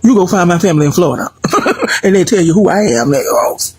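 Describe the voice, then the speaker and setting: Brief: American woman, husky and breathy, dry close mic, emphatic vlog commentary. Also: on the low side, a little fast, no echo. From United States. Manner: animated, emphatic, mocking asides. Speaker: video commentator. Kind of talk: casual opinion commentary.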